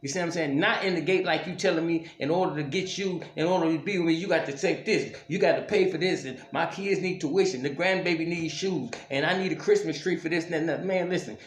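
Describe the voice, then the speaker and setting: A man's voice: on the high side, fast talker, hardly any pauses. A man giving preachy relationship advice straight to viewers in a casual monologue, often checking "you see what I'm saying". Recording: echoey room.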